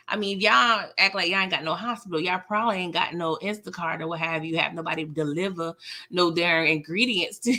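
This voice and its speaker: A woman's voice: a little high, bright, forceful tone. A young adult woman recapping a TV episode in a chatty, slangy way, laughing often and talking to viewers as y'all. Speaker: TV recap vlogger. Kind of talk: casual recap talk.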